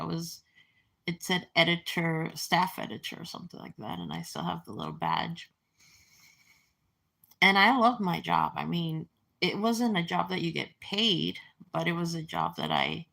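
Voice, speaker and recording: Reminiscing to camera, this woman in her forties rambles casually, restarting often and leaning on fillers. She speaks in a fairly low, creaky voice that still sounds bright and forceful.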